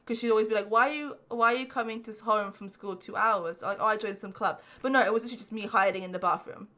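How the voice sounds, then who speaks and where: Young female podcast host, bright forceful voice, cussing storyteller, casual chat. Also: mid-range voice, quick pace. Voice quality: profane, animated storyteller.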